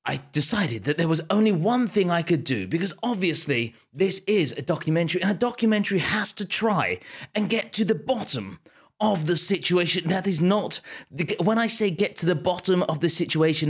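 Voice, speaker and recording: A man hosting a podcast, improvising a comic story as a mock-serious documentary narrator, with frequent stumbles. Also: high voice. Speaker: podcast host.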